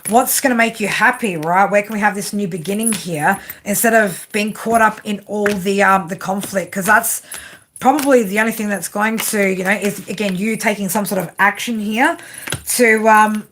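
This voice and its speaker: A woman reads tarot cards live, in a loose, rambling way. She keeps stopping to check in with tag questions and fills the gaps with fillers. Her voice sits at a middling pitch, with a faint noise in the background. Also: normal speed, a bit bright. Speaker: tarot reader.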